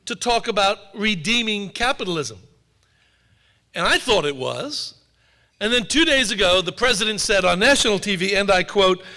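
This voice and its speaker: Man, author giving a talk, high bright voice, wry storyteller, long hall reverb. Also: lively intonation, moderate pace. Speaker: author and speaker. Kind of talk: public talk to an audience.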